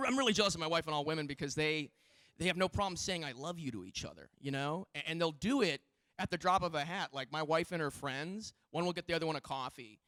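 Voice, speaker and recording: A man's voice: on the high side, bright, forceful tone, clean tone. A man in his thirties doing a loose, profane stand-up set on a live comedy stage into a handheld mic. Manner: loose, profane and rambling, with frequent filler restarts.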